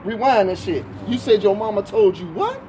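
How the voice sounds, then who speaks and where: Podcast co-host, male, high-ish voice, heated and profane storyteller, noisy background. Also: animated, moderate pace, warm tone. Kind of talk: casual storytelling chat.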